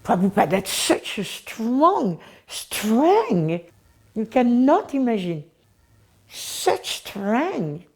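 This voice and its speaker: Older woman, slow, emotional reminiscence. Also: fairly high pitch, sing-song, gravelly. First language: French. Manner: slow, emotional storytelling in simple English. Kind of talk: personal reminiscence.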